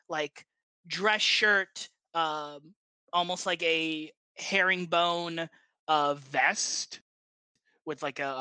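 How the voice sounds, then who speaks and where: A game master narrates a tabletop game with a loose, rambling flow full of pauses and restarts. The voice is bright and sits close in a dry recording. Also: medium pitch, clean tone, dry recording. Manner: rambling, many fillers and restarts.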